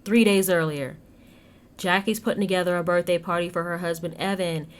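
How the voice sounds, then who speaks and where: Sassy young Southern woman hosting a casual recap show, low voice, chatty. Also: steady tone, fairly quick, smooth. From American South. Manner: sassy, chatty, acts out quotes. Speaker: podcast host.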